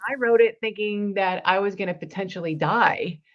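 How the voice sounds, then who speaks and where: At normal speed and medium pitch, a woman being interviewed earnestly shares a personal story, performing the dialogue in it. This conversational testimony was captured in a slightly dull, lo-fi recording.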